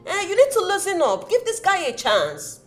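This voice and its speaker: A high, sing-song voice with a Nigerian accent belongs to a young woman in a film, who teases her anxious friend. She mixes Pidgin into her English, and her pitch leaps up and down. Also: normal speed, faint music behind, heavily acted. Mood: teasing. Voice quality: teasing, lively, mixing Pidgin into English. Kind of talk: film drama acting.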